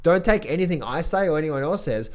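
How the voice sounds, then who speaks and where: A man's voice: a little high, animated, fairly quick. A man giving casual market commentary as a trading educator, blunt and rambling, with many repeated words.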